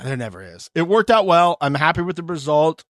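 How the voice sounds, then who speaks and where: A man's voice: brisk, no echo. A man co-hosting a podcast, chatting casually and animatedly, swearing and mimicking others. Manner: animated, swears, mimics people in high voices. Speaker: podcast co-host. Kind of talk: casual recap chat.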